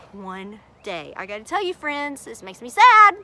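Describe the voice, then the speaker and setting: A woman telling a Bible story to children at chapel in an animated, sing-song, exaggerated way. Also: high voice, measured pace, few pauses.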